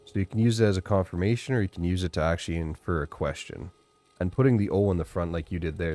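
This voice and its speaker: A man's voice: low voice, a little fast, a little mellow. A Canadian man hosting a gameplay video, chatting casually, explaining things and laughing often. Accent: Canadian English. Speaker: gaming channel host.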